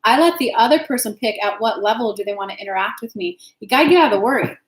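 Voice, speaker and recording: A frank, chatty woman with a fairly high voice hosts a casual live stream as an intuitive reader. She talks straight to her viewers, calls them by name and swears without fuss. Her voice bounces around an echoey room. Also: expressive, fast.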